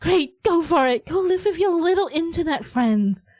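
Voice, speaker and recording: A woman's voice: fairly low pitch, moderate pace, dark tone, no echo, close to an everyday voice. Woman reading a stern, nagging mother. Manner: nagging, lecturing. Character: stern, worried middle-aged mother.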